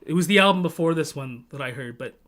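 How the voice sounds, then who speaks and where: A man's voice: on the high side, animated, fast, fairly bright tone. Rambling, profane male livestreamer. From Toronto, Canada. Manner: rambling, profane, self-interrupting. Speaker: livestream host. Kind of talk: casual chat.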